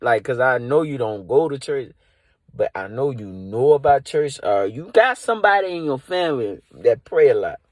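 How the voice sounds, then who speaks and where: A man's voice: mid-range voice, sing-song, normal speed, no echo. A man doing improvised comedy from inside a car, rambling and leaning on "you know" and "like". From Dallas area.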